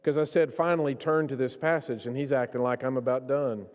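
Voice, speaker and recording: A man preaching a sermon in a church, his delivery swinging between hushed, slow stretches and raised, impassioned ones. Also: mid-range voice, steady tone. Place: church sanctuary. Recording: long reverb of a church hall.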